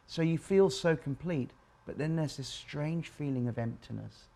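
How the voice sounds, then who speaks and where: A man's voice: on the high side, moderate pace, vocal fry, dark tone. Thoughtful English man, reflective. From England. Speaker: co-host. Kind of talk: casual panel chat.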